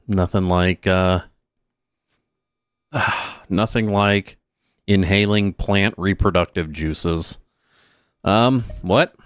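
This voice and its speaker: A man's voice: low-pitched, clear, resonant tone, dry recording, studio quality. A man hosting a casual let's-play stream, chatting and rambling with lots of fillers and asides, a bit stuffy from allergies. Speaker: streamer and host.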